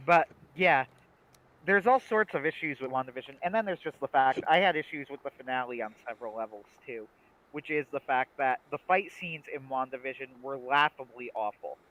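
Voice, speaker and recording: A man's voice: mid-range voice, a little fast, muffled recording. A man co-hosting a livestream, chatting casually and making emphatic, opinionated points. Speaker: livestream co-host. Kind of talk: casual chat.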